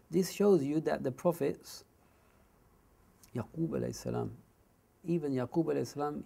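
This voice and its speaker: A man gives a Quran commentary lesson, quickly reciting Arabic verses and then explaining them in English with frequent asides. His voice is a little high and dark in tone, with vocal fry and a breathy edge.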